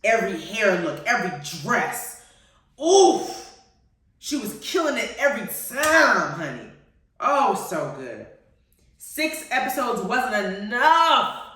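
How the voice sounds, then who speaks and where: A woman hosting a live-streamed TV review chat, gushing and animated and calling her listeners honey and y'all. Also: mid-range voice. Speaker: host. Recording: very echoey room, far from the mic.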